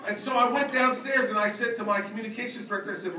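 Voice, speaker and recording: A man's voice: sits high, quick pace, heavy background noise. A middle-aged man giving a punchy, joking campaign speech from a podium. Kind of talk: political rally speech with anecdotes. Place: large crowded hall. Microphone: podium microphone. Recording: echoey hall, distant mic, loud crowd.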